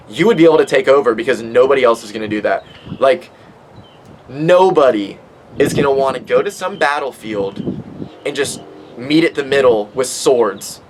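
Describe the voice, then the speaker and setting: A young man in his twenties talks loosely on his own podcast, swearing freely and circling through fillers. He sounds stoned and unhurried, with a mid-range voice. Faint background noise sits under the recording. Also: mid-range voice, lively intonation, low-quality recording. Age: 20s. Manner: profane, rambling, with many fillers. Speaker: podcast host. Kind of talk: casual rambling monologue.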